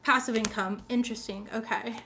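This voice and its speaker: A woman's voice: fairly high pitch, fairly even intonation, a little fast, background noise. A woman doing a casual tarot reading in a chatty, blunt and sassy way, swearing freely and laughing often. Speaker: tarot reader.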